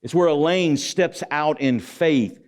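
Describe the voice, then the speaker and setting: A man's voice: a little high, takes it slowly, darkish tone. Man preaching motivation to an audience. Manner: rhetorical, calls out to the audience. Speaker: guest speaker. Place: auditorium.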